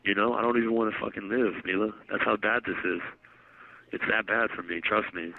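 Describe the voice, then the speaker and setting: Brief: man on an inmate call, gravelly and quiet, heard through a phone line. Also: fairly quick, dry recording. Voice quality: low, subdued and apologetic. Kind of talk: personal phone conversation. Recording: tinny recorded phone line.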